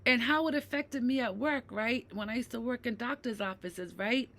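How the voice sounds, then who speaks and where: A woman in her fifties speaking to her viewers about mental health, emphatic, checking in with "right?" again and again, dropping low and quiet, then rising loud and heated. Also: normal speed. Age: 50s. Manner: emphatic, repeats "right?" often. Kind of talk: personal talk to camera.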